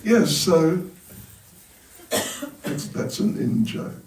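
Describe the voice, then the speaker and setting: A monk in a temple hall tells light, humorous stories and chuckles at his own jokes. His speech is unhurried and slightly high for a man. The echoey room and the distant mic leave him sounding far off. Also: big pitch swings, darkish tone, a little hiss or hum. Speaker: monk giving a talk at a temple. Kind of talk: storytelling sermon.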